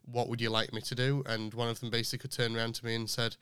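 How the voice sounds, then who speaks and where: A young man hosting a podcast, chatting casually and rambling with fillers, his voice still a little rough from recent illness. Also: mid-range voice, flat delivery, quick pace, a bit bright, no echo, clean studio sound. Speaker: podcast host. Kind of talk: casual chat.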